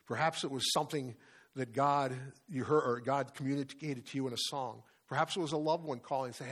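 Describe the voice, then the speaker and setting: A middle-aged pastor or Bible study leader preaches a sermon in a medium-pitched voice that's a bit bright, with a breathy edge. He speaks a little fast and earnestly, often putting questions to his listeners.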